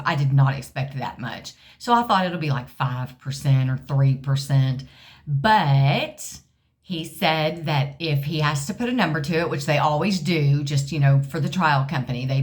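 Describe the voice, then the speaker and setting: A middle-aged woman, chatting casually to camera, rambling and calling her viewers y'all. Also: sits low. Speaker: vlogger sharing a health update.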